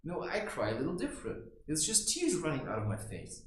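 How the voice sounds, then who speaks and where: Recorded in an echoey indoor room, this rambling comic bit features a man voicing a blunt, boastful barbarian who constantly adds "right?" He speaks a little fast, his high-leaning voice swinging hugely in pitch.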